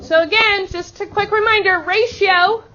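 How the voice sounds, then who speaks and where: A woman's voice: very high-pitched, a bit bright. A woman teaching a classroom vocabulary lesson, upbeat and encouraging. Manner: upbeat, encouraging, slow and clear. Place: school classroom. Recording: muffled classroom audio with chattering kids.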